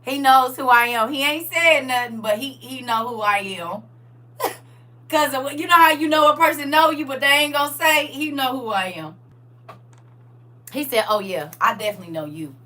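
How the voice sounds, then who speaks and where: A woman's voice: high-pitched, moderate pace, pushed and bright. A middle-aged woman, chatting with listeners while leading a casual online Bible study. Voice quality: raspy. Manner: chatty, laughs often, talks to listeners directly. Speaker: online scripture study host.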